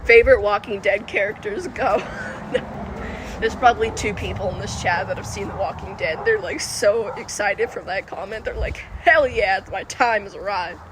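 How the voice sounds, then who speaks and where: A woman's voice: medium pitch, moderate pace. A woman hosting a casual livestream, chatting to viewers in a giggly, rambling way. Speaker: livestream host. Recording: noisy livestream audio with outdoor noise. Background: wind and passing cars.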